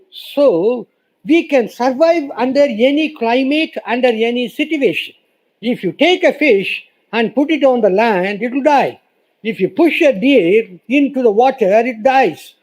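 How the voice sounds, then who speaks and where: A man's voice: very high voice, a little mellow, low-quality recording. A man gives a formal lecture as a guest speaker, emphatic and repeating "you see" often. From India.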